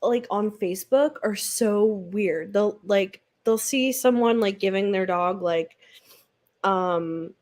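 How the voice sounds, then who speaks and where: Slow-talking, giggly woman chatting. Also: medium pitch, darkish tone. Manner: giggly and rambling, many fillers. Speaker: booktube host. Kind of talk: casual chat during a read-along livestream.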